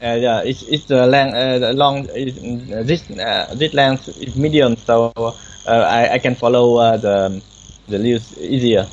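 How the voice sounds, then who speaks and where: A man's voice: mid-range voice, fairly even intonation, unhurried, a little hiss or hum. Student guy on a muffled call line, stumbles and restarts a lot, um uh all over. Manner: hesitant, many fillers and restarts.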